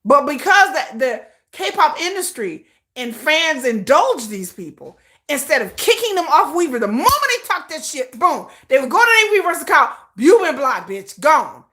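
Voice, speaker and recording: A middle-aged American woman hosts a livestream and rants hard, swearing and repeating herself a lot in a casual way. Her voice is high and bright with big swings in pitch, a forceful tone, and a moderate pace.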